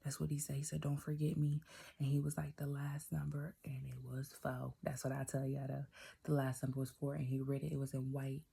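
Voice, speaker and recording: A low-pitched woman shares a personal testimony in casual storytelling. Her voice is gravelly and a little husky, and she keeps repeating phrases and sinking into a whisper to drive points home. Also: a little fast. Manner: animated, repeats phrases, drops to whispers for emphasis. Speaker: vlogger telling a personal testimony.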